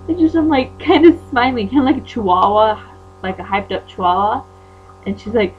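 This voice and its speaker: A teenage girl from Utah venting in a casual vlog, chatty and indignant, jumping into loud high-pitched bursts when she acts out quotes. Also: a little fast. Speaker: vlogger. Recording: dull lo-fi webcam audio with faint mains hum.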